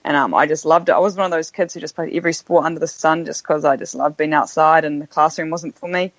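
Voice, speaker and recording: A woman with a New Zealand accent, a sports captain talking casually as a podcast guest, laid-back and quick to laugh. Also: deep voice, fairly even intonation, no room sound, poor audio.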